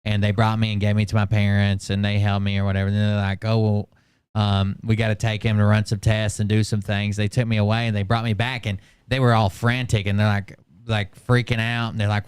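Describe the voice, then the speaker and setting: A man chatting on a live stream in a smooth, clear voice. His commentary is crude and meandering, peppered with profanity. The sound is dry and close to the mic. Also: lowish voice, level tone, brisk, no room sound. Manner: crude, rambling anecdotes with profanity. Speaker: streamer reacting to videos.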